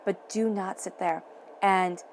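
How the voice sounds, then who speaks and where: A woman giving a tarot reading, speaking in a soft, encouraging way and repeating phrases for emphasis. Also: medium pitch, steady tone, takes it slowly, slight background noise. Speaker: tarot reader.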